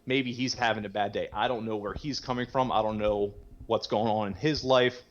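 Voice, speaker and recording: A man with a low-pitched voice talks openly in a relaxed, conversational way. He rambles, leans on fillers, and drops the odd curse word. The recording sounds dull and lo-fi. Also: fairly quick. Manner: rambling, frequent "you know" fillers, casual swearing, laughs easily. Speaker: podcast guest sharing his recovery story. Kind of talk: casual candid conversation.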